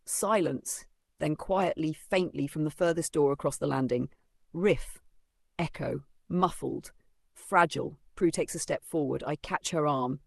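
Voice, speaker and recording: A man's voice: on the high side, unhurried, gravelly, no room sound. A man narrating a first-person novel in a dry, sardonic storytelling manner. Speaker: audiobook narrator.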